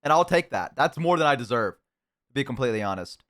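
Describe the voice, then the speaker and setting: Eating on stream, this man rambles to his viewers in a medium-pitched, expressive voice that's a little bright and fairly quick. He's self-deprecating and keeps using fillers and starting over.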